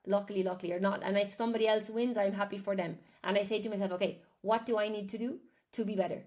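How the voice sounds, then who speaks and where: A woman's voice: mid-range voice, fairly even intonation, fast talker, darkish tone. A woman with an Irish accent, an English teacher chatting on a live stream, reading out and answering viewer comments. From Ireland.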